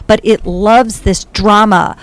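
Woman, psychic reader, animated, laughing, casual. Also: medium pitch, slow pace, no echo. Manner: animated, laughing, puts on playful voices. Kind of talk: casual spiritual reading.

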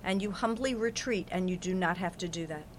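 A woman's voice: lowish voice, brisk, a little hiss or hum. A woman giving an earnest, affirming spiritual reading on a podcast, with lots of repetition. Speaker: psychic reader.

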